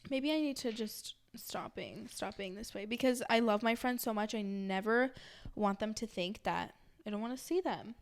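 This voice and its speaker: A woman's voice: a little high, normal speed. A young woman vlogging to her followers in a chatty, rambling way, full of "like" and restarts. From Los Angeles area. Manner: chatty, rambling, many fillers like "like". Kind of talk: casual chat to camera.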